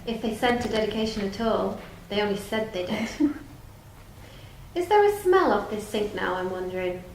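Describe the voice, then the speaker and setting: A woman playing a bitter, sarcastic middle-aged daughter who speaks in a scornful, sharp-tongued, resentful way, in a theatre studio. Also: mid-range voice, lively intonation, moderate pace, roomy sound, a little hiss or hum, natural voice, poor audio.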